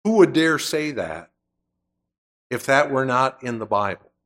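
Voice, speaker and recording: Slow, deliberate male preacher. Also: mid-range voice, expressive, a bit bright. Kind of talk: sermon.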